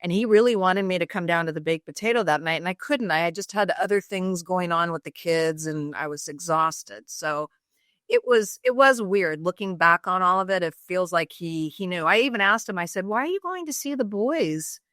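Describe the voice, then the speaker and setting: A woman's voice: on the low side, moderate pace, a bit bright, dry recording, clean studio sound. A woman guest on a podcast, reflectively recounting memories and acting out bits of remembered dialogue. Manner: reflective, acts out quoted dialogue. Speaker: guest, sister of the subject. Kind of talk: casual interview storytelling.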